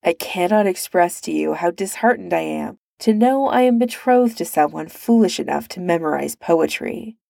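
A woman's voice: fairly low pitch, animated, normal speed, creaky, few pauses, mellow, dry recording. A woman voicing an arrogant, sardonic young male prince with a dry delivery in a storybook reading.

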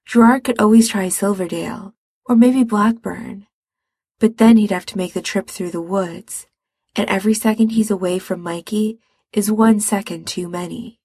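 A woman narrating a story in a soft, measured reading voice. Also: medium pitch, breathy edge, dry recording.

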